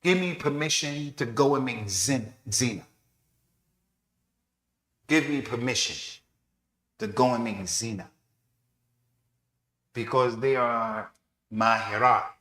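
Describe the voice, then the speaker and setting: A man's voice: mid-range voice, bright, forceful tone. A man teaching a mosque lesson in sermon style, telling a story with animation and acting out the voices of the people in it. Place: mosque prayer hall. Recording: echoey mosque hall.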